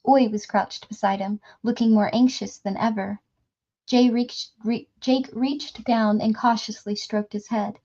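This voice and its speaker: A woman's voice: fairly high pitch, a little slow. Woman reading a novel aloud, lo-fi. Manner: steady storytelling with small slips and restarts. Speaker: audiobook reader. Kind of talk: reading a novel aloud, voicing characters lightly.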